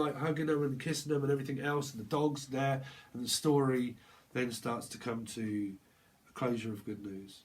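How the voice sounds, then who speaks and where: A young man giving a tarot reading, acting out scenes in lively voices and swearing often. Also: mid-range voice, a little hiss or hum. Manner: animated, acts out scenes with put-on voices, swears a lot. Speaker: tarot reader.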